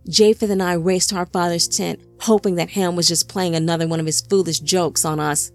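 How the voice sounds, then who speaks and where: A woman narrating a scripted biblical-style story in a measured storytelling manner. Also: lowish voice, fairly even intonation, soft background music.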